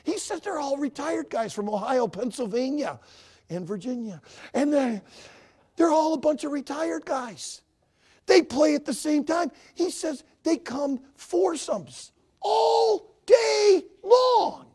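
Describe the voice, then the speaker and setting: A man in his sixties preaching a sermon, telling a story and swinging from hushed to shouting. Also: very high-pitched, expressive, slow pace. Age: 60s.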